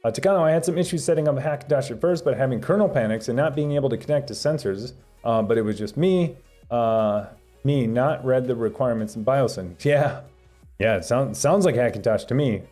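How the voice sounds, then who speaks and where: A man's voice: medium pitch, fairly quick, warm tone, faint music behind. A young adult man hosting a live stream, reading chat questions aloud and rambling through answers with lots of fillers and restarts. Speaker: livestream host reading chat.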